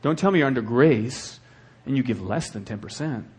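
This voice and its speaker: A middle-aged male pastor preaching a sermon with animated delivery and acted asides. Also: mid-range voice, moderate pace, slightly rough.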